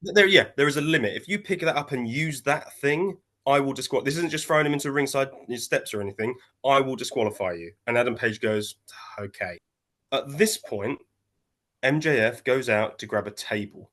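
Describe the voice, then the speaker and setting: A man telling the story of a wrestling match to his co-host in a loose, animated way. He slips into other people's voices to act out what they said. His pitch sits at a middle level for a man. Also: brisk. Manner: animated storytelling, acting out quotes in shifting voices. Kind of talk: casual chat.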